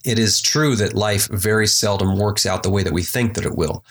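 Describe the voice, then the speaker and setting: A man giving a relaxed, conversational motivational talk on mindfulness, slowing down to lead breathing. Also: fairly low pitch. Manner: relaxed, conversational, slows for emphasis. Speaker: spiritual teacher. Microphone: desk microphone.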